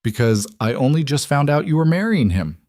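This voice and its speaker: A man playing a quiet, steady rancher who speaks in a measured, matter-of-fact way. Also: fairly high pitch, no room sound, studio quality, voice pushed up. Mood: earnest.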